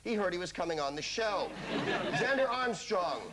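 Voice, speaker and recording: A man's voice: high voice, animated, normal speed. A man hosting a comedy quiz show, delivering wry, scripted patter. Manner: wry, arch. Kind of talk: scripted comic host patter. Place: television studio. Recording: loud studio audience and noise.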